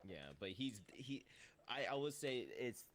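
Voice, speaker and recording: A man from Wisconsin with a Wisconsin accent, chatting casually on a podcast in a halting, rambling way with frequent laughter. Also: mid-range voice. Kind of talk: casual chat.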